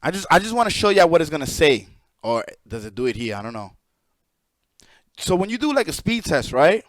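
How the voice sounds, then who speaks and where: A man streaming live, ranting casually and profanely to his chat with animated energy. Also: fairly high pitch, a little fast, no room sound.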